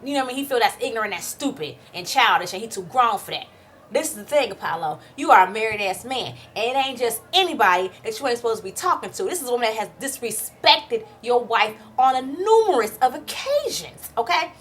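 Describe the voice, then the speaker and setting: A woman's voice: fairly high pitch, very animated, fairly quick, a bit bright, a little hiss or hum. A young woman doing a fired-up, sassy recap of a reality show, swearing freely. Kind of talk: casual ranting recap.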